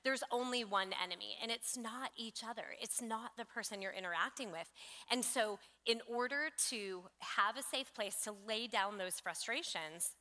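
A woman's voice: fairly high pitch, normal speed, bright, forceful tone. A woman sharing a conversational sermon, earnest and affirming, citing scripture. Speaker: pastor. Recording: long reverb of a church hall.

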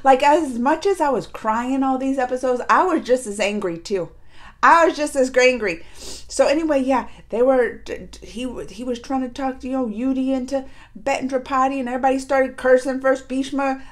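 A woman with a high voice recaps episodes in a casual reaction vlog. She talks in an animated, expressive way, breaking into laughter and exclamations. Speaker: reaction video host.

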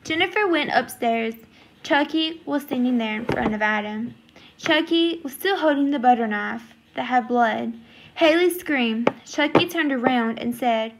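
Slow, high-ish woman telling a story. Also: background noise. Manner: halting, apologetic, with fillers. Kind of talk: reading her own story aloud.

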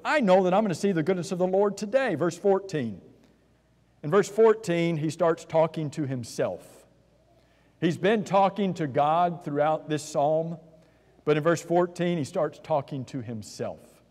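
A man's voice: fairly high pitch, lively intonation, a little slow, darkish tone. A man preaching an earnest sermon in a church, asking rhetorical questions and often repeating words as he starts a thought. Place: church sanctuary. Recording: long church-hall reverb.

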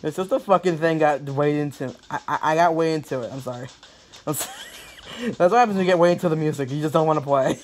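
A young man giving casual let's-play commentary, excitable, laughing a lot and swearing. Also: on the high side, fairly quick, long pauses, a little hiss or hum. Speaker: gaming YouTuber.

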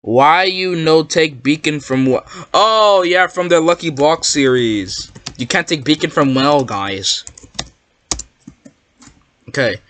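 A gamer giving excitable, rambling commentary while playing, yelping and protesting whenever a trick fools them. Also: medium pitch, takes it slowly. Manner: excitable, yelps and protests when fooled; rambling, self-correcting. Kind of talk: Minecraft gameplay commentary.

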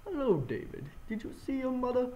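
A calm hospital doctor speaks in a soft, measured, reassuring way, as a man puts him on during a game. His voice sits a little higher than ordinary speech, with faint hiss behind it. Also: highs cut off.

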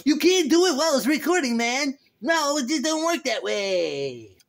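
A squeaky, gravelly goofball voice, put on by a man clowning around. The pitch jumps way up and wobbles all over the place, with a rough fry underneath. He teases in a silly, mock-scolding way. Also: sing-song, moderate pace, a bit bright, full character voice. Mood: teasing.

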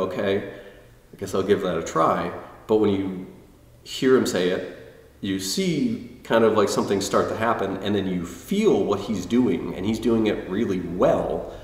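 A man casually reviewing a tai chi workshop, rambling and self-deprecating, with frequent restarts. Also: deep voice. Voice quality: quiet, introverted. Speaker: tai chi video blogger. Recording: roomy, distant mic with long reverb.

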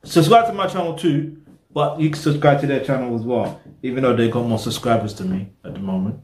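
A man's voice: mid-range voice, brisk, a little mellow, roomy sound. A man hosting a reaction video, rambling casually in slang and talking straight to his viewers.

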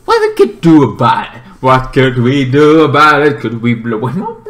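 A man recapping a TV episode in a loose, rambling way, full of fillers and restarts, with excited squeals in between. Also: mid-range voice, slow, a little hiss or hum. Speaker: TV show reviewer.

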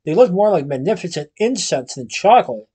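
A man reading a children's storybook aloud at a steady pace, occasionally restarting a phrase. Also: high-pitched, a little fast, husky. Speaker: storybook reader.

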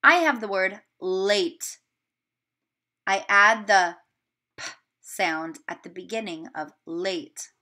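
A woman teacher giving a remote video lesson to young children, sounding out words slowly and encouraging them. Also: mid-range voice, bright, forceful tone.

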